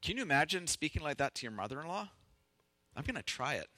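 Bright, high-voiced man preaching a sermon. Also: big pitch swings, dry recording. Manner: earnest, measured scripture reading with light humor. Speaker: pastor.

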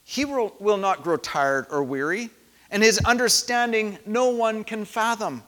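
A man preaching in a church, his voice high and bright against the long echo of the hall. He speaks calmly and reflectively, going quiet at times and then leading loud shouted responses. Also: a little slow. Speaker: pastor. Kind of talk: sermon. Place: church sanctuary. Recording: echoey hall.

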